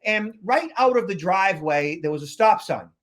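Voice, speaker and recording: High-voiced man telling stories. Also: animated, moderate pace. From Boston area, USA. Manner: rambling anecdotes with frequent fillers. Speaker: podcast co-host, security consultant. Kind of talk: casual storytelling chat.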